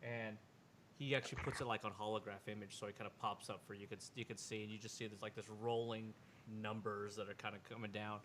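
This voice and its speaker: A man serving as game master, narrating a tabletop game in a rambling, animated way. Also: fairly low pitch, quick pace, background noise. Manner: rambling, animated storytelling with filler "and he just goes".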